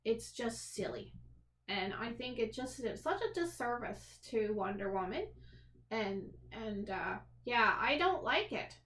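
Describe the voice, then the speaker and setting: High-voiced blunt woman in a roomy space. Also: expressive, measured pace, fairly bright tone. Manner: blunt, dismissive, repeats herself. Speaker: podcast co-host, film reviewer. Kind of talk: casual review chat.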